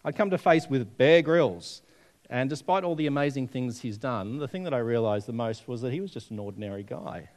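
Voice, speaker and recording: A man preaches a sermon in a conversational, storytelling style, asking the congregation questions. His medium-pitched voice is a little mellow, with lively intonation and a slightly fast pace.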